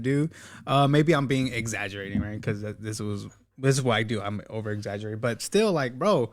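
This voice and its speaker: A man commentating on a clip in a relaxed, chatty way, throwing in teasing asides and short laughs. His pitch sits in an ordinary middle range, and his talk is informal and conversational. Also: normal speed. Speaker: commentary host. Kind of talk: reaction commentary.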